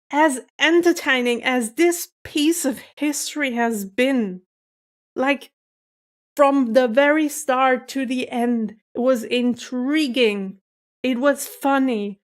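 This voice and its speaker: A woman with a fairly high voice talks slowly and effusively, hosting her own reaction review. She sounds moved almost to tears and breaks into laughter as she gushes about what she has watched. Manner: gushing, emotional, laughs often, slow and effusive. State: close to tears. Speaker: reaction video host.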